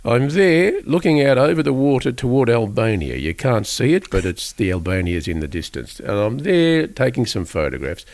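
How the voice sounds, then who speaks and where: A man co-hosting a podcast, telling stories in casual chat with lively acted-out quotes. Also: medium pitch, normal speed, hardly any pauses, dry recording. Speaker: radio podcast co-host.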